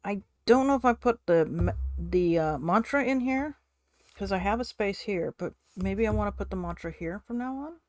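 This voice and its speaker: A woman chats casually at a home desk as a streamer. She thinks aloud and laughs often. Her voice sits at a middle pitch and sounds dry and close to the mic. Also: expressive, normal speed, no echo. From California, USA. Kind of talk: casual chat while journaling.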